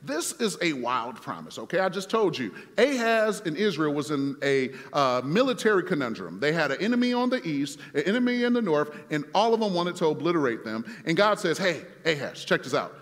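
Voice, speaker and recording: A man's voice: on the high side, sing-song, a little fast, hardly any pauses. A man preaching a sermon as pastor, emphatic and building through repeated refrains, with speech, in a church sanctuary. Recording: reverberant sanctuary.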